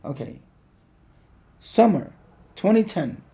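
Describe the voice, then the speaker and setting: A man preaching a sermon, with earnest, drawn-out emphatic phrasing and a gravelly voice. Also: sits high, big pitch swings, dark tone.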